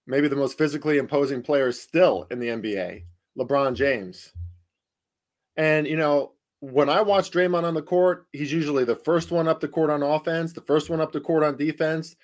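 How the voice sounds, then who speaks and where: A man's voice: on the high side, normal speed. Jersey guy running his betting podcast solo, fired up, lots of um and right?. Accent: New Jersey. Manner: emphatic, rhetorical, chatty with fillers. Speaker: sports betting podcast host. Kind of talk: solo podcast sports talk.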